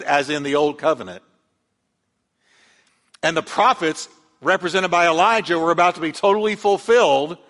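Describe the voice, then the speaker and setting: A man preaches a sermon in a fairly high voice, building up the story and putting on the voices of the people in it. The sound rings with a long reverb from a large hall. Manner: animated storytelling, acts out quoted voices. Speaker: pastor.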